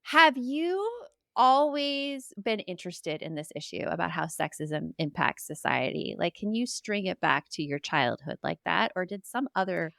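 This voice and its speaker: A woman hosts a parenting podcast in a relaxed conversational way. She talks in a mid-range voice with lively asides. The recording is close and dry. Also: lowish voice, vocal fry, no room sound. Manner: animated, laughs often, quick asides. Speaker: podcast host. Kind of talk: casual podcast chat.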